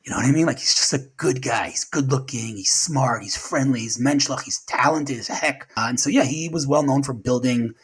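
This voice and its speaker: A middle-aged man recalling loss in an interview, halting and repeating words as he talks. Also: mid-range voice, breathy edge, rough recording. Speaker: guest. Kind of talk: emotional remembrance interview.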